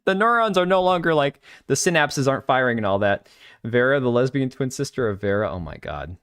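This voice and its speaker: Male stream host, casual rant commentary, very animated delivery, dry close sound. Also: mid-range voice, a little fast, clean tone, no room sound. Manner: ranting, blunt and mocking. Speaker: livestream host.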